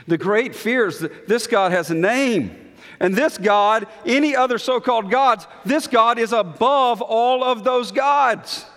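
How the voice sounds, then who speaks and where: A man's voice: extremely high pitch, measured pace, fairly bright tone. A man preaching an expository sermon and reading scripture aloud, emphatic, his voice climbing on the quoted questions. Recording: long reverb of a large hall.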